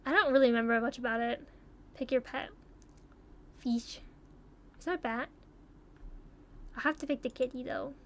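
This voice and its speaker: A young woman chatting casually as she takes online quizzes, swearing freely and thinking out loud. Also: high-pitched. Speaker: YouTuber taking online quizzes. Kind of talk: casual commentary while playing.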